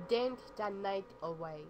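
Excitable gamer woman, high and bouncy, unhurried delivery, noisy home recording. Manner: excitable, squealing at sights in the game. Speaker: gaming video co-player. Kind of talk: casual gameplay chat.

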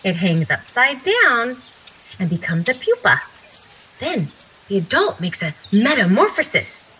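A woman teaching preschoolers at circle time and reading a story aloud, animated and sing-song. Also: medium pitch, a little hiss or hum, poor audio. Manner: slow, sing-song, animated for little kids.

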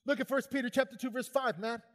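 A man's voice: very high voice, steady tone, quick pace, big-room sound. Fervent preacher man in his sixties. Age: 60s. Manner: fervent, calls to the crowd. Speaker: conference keynote speaker. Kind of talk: preaching sermon.

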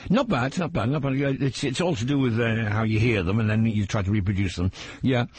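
A man's voice: medium pitch, fairly quick, a little mellow, breathy edge, dry recording. An older man from England, a comedian telling jokey stories in an interview and slipping into impressions of regional voices, heard on an old radio broadcast. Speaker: comedian guest. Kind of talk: anecdotal interview chat.

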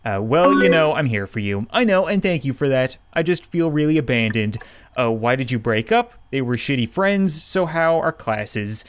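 A man's voice: medium pitch, sing-song, moderate pace, hardly any pauses, dry recording. A young man playing a chat game, reading messages aloud in a jokey, mock dramatic way. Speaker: gaming YouTuber.

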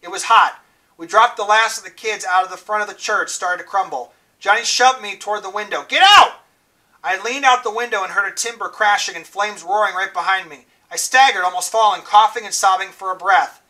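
A man teacher reading a novel aloud to a class in a plain, unhurried way, stumbling now and then. He is heard from some distance away from the mic. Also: sits high, sharp tone.

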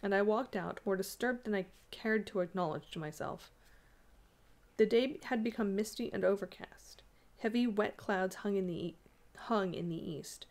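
A woman's voice: medium pitch, a little mellow. Woman reading a ghost story aloud. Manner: measured storytelling with small slips and restarts. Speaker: audiobook reader.

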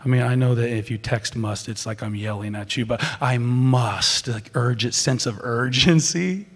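A man preaching a sermon as pastor, animated, swinging from loud exclaiming to soft whispers. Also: mid-range voice, moderate pace, breathy edge. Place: large church sanctuary. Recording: long hall reverb.

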